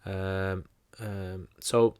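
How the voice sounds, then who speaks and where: A man's voice: sits low, flat delivery, drawn-out words, a little mellow, smooth. A man hosting a livestream Q&A, teaching in a loose, conversational way, full of fillers and restarts. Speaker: channel host answering questions.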